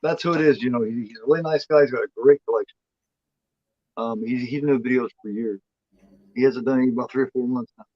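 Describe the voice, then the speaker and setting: A man's voice: mid-range voice, fairly even intonation, quick pace, no room sound, muffled recording. A man co-hosting a horror movie chat show, rambling and swearing freely in casual talk. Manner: rambling, swears freely, voices the cat in a playful drawl.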